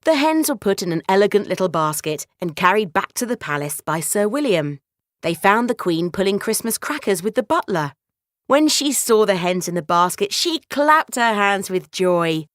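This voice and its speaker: A woman reads a children's story aloud, her pitch moving in lively curves. The telling is animated and clear. The sound is dry and close to the mic. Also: moderate pace, no echo. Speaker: narrator. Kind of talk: scripted children's story narration.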